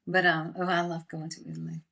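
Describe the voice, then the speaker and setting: A woman's voice: sits low, sing-song, fast talker, pushed and bright. A middle-aged woman co-hosting a podcast, chatting casually over wine, rambling and laughing often. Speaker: podcast co-host.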